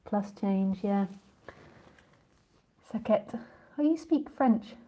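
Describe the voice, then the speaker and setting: A woman's voice: mid-range voice, expressive, extremely slow, mellow, muffled recording. A woman spiritual teacher in a casual live talk with listeners, rambling and chatty, often laughing and drifting off on tangents.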